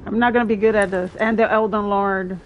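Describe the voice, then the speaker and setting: A woman streamer commenting live on her gameplay, excitable, often yelping and laughing. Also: mid-range voice, brisk, highs cut off, noisy background. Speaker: streamer playing a video game.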